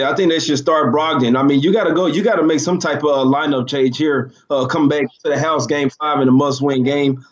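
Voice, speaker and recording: A man co-hosting a sports betting show, talking casually in a laid-back, slangy way and laughing easily. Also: fairly high pitch. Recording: dull lo-fi audio.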